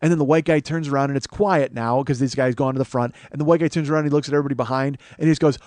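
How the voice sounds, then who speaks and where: A man's voice: mid-range voice, fairly even intonation, very fast, hardly any pauses, a little mellow, no room sound. A man in his forties hosting a comedy podcast, telling a profane story and acting out the people in it. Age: 40s. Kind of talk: comic storytelling monologue.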